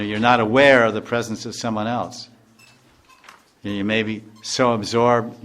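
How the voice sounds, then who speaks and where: An older man, a spiritual teacher, giving a devotional lecture in a loose, conversational way with many asides and restarts. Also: on the low side.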